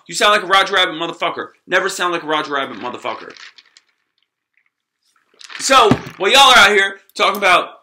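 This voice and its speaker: A man with a high, very bright voice rants about sports to his camera. He swears constantly and uses street slang, and he lurches between yelling and mumbling under his breath. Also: wildly swooping pitch, normal speed. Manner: swings between shouting and low muttering. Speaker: sports vlogger. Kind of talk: profane sports rant to camera.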